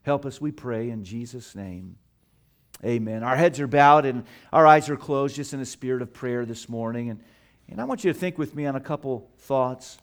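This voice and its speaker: A man preaching a sermon as pastor. He drops low and soft, then builds to loud, emphatic peaks, and slows down to stretch out the scripture quotes. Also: clean tone. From United States. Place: church sanctuary.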